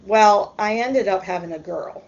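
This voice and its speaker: A woman recounts a personal story in a subdued, halting voice full of pauses and ums. Her tone has a gravelly fry. The recording sounds dull and lo-fi. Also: medium pitch. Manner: hesitant, halting, many ums. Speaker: storyteller vlogger.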